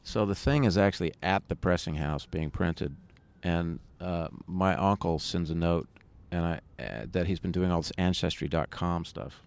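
A man's voice: sits low, moderate pace, hardly any pauses. A man being interviewed as a musician, talking casually and rambling with many restarts. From United States. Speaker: musician guest. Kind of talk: conversational interview.

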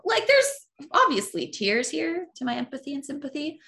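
A woman with a high, lively voice co-hosts a podcast. Her pitch swings widely as she chats casually. She is opinionated and reasons aloud, filling her talk with "like.". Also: moderate pace. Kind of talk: casual chat.

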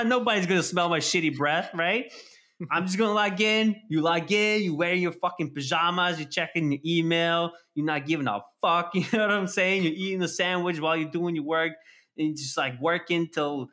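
A man chatting casually on a podcast, animated and swearing constantly as he acts out scenes. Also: fairly high pitch, moderate pace. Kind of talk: casual profane chat.

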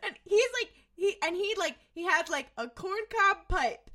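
A woman co-hosting a podcast, recapping an episode in casual chat, animated and sweary. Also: very high-pitched, unhurried. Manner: animated retelling, swearing, many fillers. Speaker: podcast co-host.

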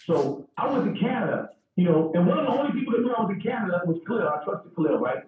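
A man tells rambling, animated stories and keeps repeating himself. He talks fast in a high voice. He sounds far from the mic in a very echoey room, and the sound is dull. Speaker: guest telling stories. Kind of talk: casual storytelling chat.

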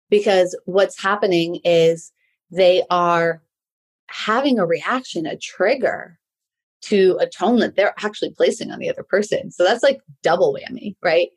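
Woman w a lowish voice doing a chatty coaching talk, keeps saying right?. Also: a little mellow, slightly rough. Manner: conversational, tags many sentences with "right?". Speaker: life coach. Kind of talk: solo motivational talk.

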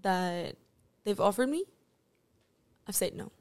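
A woman, an actress guest talking candidly on a podcast interview, animated and often restarting her sentences. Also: mid-range voice, takes it slowly.

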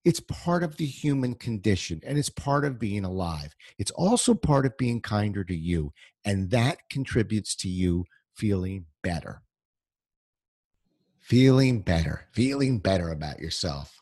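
A man's voice: lowish voice, very animated, normal speed, darkish tone, slightly rough, dry recording, studio quality. A man hosting a solo motivational podcast from home, speaking conversationally with plenty of fillers and restarts. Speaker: podcast host.

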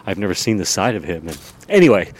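Fast and low, with big swings in pitch, a man hosts a podcast from outdoors in a town, with a little hiss or hum audible. He rambles casually about himself, packing in fillers and self-deprecating asides.

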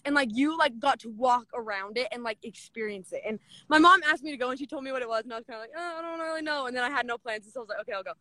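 A young woman with a high, bright voice chats through a scripture talk, gushing and filling every pause with "like." She retells the story as lively back-and-forth dialogue, and the sound is close and dry. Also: no room sound. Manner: gushing, filler-heavy with constant "like". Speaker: devotional speaker.

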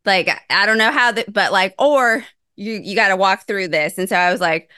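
A woman in her thirties tells her story in a casual chat, lively and expressive, often jumping into a high, acted-out voice when she quotes herself or others. She swears freely and talks through close, dry studio sound with no room echo. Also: normal speed, clear, resonant tone. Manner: animated, acts out her own quotes with big pitch jumps, swears freely.

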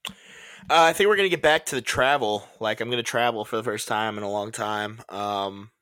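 A man in his early twenties chatting casually on a podcast, telling stories in a laid-back way with quick asides. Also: fairly low pitch, bright, forceful tone, clean tone, no echo, clean studio sound. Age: 20s. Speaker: podcast co-host. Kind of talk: casual chat.

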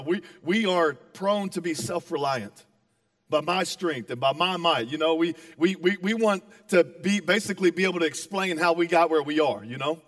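A man with a high voice preaches in a relaxed, storytelling way, full of energy and playful asides to the crowd. His words ring out with the long reverb of a large church hall. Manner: energetic, playful, talks straight to the audience. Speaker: pastor. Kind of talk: conversational sermon with storytelling. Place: church auditorium.

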